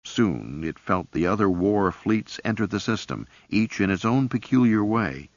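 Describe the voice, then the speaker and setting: A man narrating an audiobook in a measured, expressive reading. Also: deep voice, creaky, no echo. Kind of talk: scripted narration. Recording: dull lo-fi cassette audiobook.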